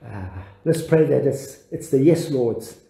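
Earnest older pastor in an echoey room. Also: male voice, medium pitch, gravelly, warm tone. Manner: earnest, halting with repeated restarts. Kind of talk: devotional sermon.

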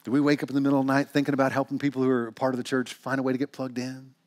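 A pastor with a mid-range voice preaches very fast, filling his church sermon with lively stories and rhetorical questions. No room sound can be heard.

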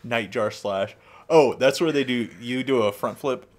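A man's voice: mid-range voice, measured pace. A tired man co-hosting a let's play, joking around and swearing casually. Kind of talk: casual gameplay chat.

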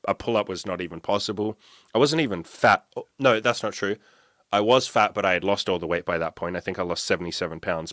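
A man's voice: low-pitched, fairly bright tone, dry recording, clean studio sound. A man on a podcast as a guest, telling a candid, profane personal story and acting out his own past thoughts. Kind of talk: casual storytelling.

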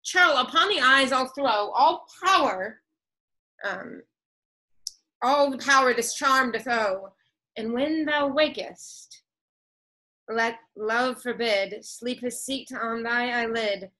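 Cast: woman as a sprightly fairy, high and bright, unhurried verse, video call. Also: rough recording. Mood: mischievous. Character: mischievous fairy servant, nimble. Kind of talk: Shakespeare verse reading.

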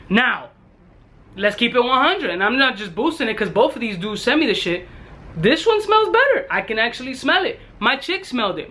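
A man reviewing a fragrance in a blunt, casual vlog, swearing constantly and retelling his story with animated energy. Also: very high voice.

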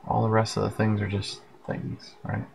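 A man's voice: on the low side, monotone, normal speed, creaky, slight background noise, rough recording. A man hosting a late-night live broadcast, chatting in a rambling, friendly way and sounding tired. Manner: rambling, friendly, reads out viewer comments. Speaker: livestream host. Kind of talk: casual live broadcast chat. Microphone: headphones with plug-in mic.

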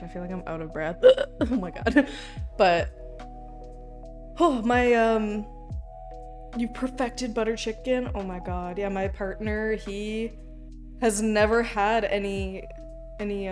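A woman's voice: mid-range voice, darkish tone. A woman chatting casually on a livestream, rambling from topic to topic and swearing freely. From Canada.

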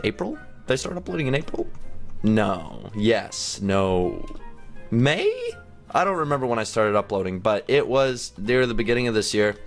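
A young man giving excited commentary on his own gameplay, sick with a headache, jumping into sudden high shouts. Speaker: gaming YouTuber.

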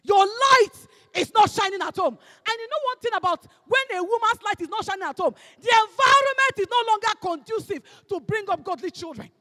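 A woman with a Nigerian accent preaching a sermon, emphatic and fervent, swinging between shouted exhortation and hushed asides, slipping into Pidgin phrases. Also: very high voice, expressive, a little fast, few pauses, long reverb tail.

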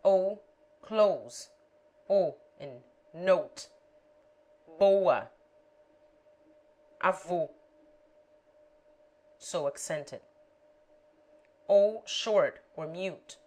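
Very slow, deliberate woman teacher. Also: fairly low pitch, animated, warm tone. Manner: deliberate, spelling out letters and example words one at a time. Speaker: language teacher. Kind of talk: slow read-aloud language lesson.

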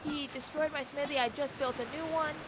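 A woman's voice: sits high, fairly even intonation, a little fast. A young woman giving casual, annoyed gameplay commentary, ranting and swearing freely. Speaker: gaming YouTuber. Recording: loud background noise.

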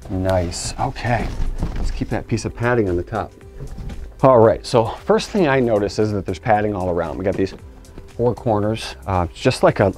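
A man's voice: on the low side, darkish tone. A middle-aged man, an engineer, chatting enthusiastically as he unboxes a 3D printer and explains each step. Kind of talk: casual unboxing vlog.

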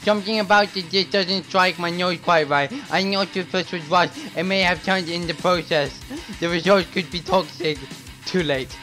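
A man's voice: high-pitched, steady tone, moderate pace, faint music behind, pitched above the performer's own voice, rough recording. A man putting on a haughty boastful rival chef. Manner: loud, haughty, broken English.

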